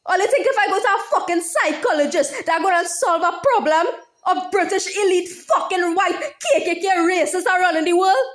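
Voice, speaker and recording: Woman, high-pitched voice, heated profane rant, repeats herself, solo vlog monologue. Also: animated, normal speed, a bit bright. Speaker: YouTuber. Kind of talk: impassioned monologue.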